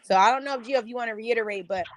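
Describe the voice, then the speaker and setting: A woman's voice: fairly high pitch, racing. A woman co-hosting a casual review chat, talking bluntly and animatedly, swearing and laughing. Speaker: co-host.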